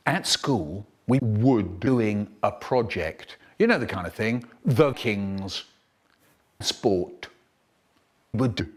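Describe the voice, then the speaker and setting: A man's voice: on the low side, slow, breathy edge. A man telling comic childhood stories, acting out the voices of the people in them. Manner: animated, mimicking other voices. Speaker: storyteller. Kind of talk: comic storytelling, remixed.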